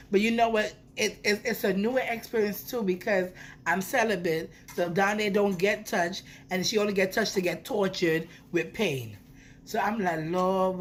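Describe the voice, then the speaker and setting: Animated young woman telling a story. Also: medium pitch, slight background noise. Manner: animated, swearing, playful. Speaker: vlogger. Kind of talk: casual storytime.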